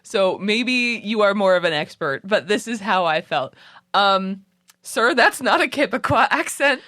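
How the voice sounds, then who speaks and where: A woman's voice: mid-range voice, animated, measured pace, sharp tone, no room sound, clean studio sound. A woman from Canada's West Coast co-hosting a podcast, chatting playfully and animatedly about a film. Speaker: podcast co-host. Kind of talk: casual chat about a film.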